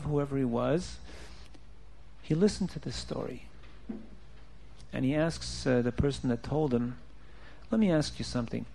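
A man teaching a group of boys through an animated story, jumping up and down in pitch and acting out the speakers he quotes. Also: gravelly. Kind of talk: storytelling lesson.

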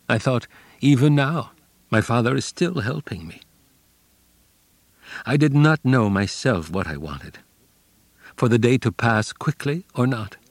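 A man narrating a memoir audiobook in a grave, measured, subdued way. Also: medium pitch, dry recording. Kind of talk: scripted narration.

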